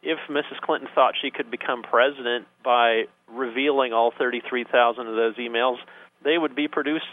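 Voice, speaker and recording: A man's voice: mid-range voice, steady tone, normal speed. A man speaking as a guest commentator on a talk radio show, sarcastic and emphatic, piling up words for effect. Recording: tinny phone line.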